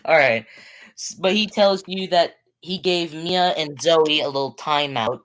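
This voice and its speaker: A woman's voice: deep voice, unhurried. A woman co-hosting a casual game review podcast, talking animatedly, swearing and acting out game characters. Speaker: podcast co-host.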